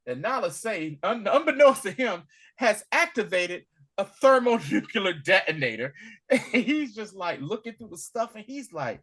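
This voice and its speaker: Animated man retelling a show casually. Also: sits high, measured pace. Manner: animated retelling with acted-out character lines and laughs. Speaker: podcast co-host. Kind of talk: casual recap chat.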